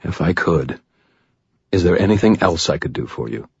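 Man doing a kindly older priest, deep husky voice, measured and gentle, storybook reading. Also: animated, no room sound, dull audio, exaggerated voice. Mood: firm, weary.

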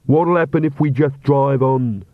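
A man's voice: medium pitch, no echo, close to an everyday voice. A man doing a doleful grumbling servant. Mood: grumbling deadpan. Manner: slow, grumbling, deadpan. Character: doleful put-upon male servant. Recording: dull, dry audiobook recording.

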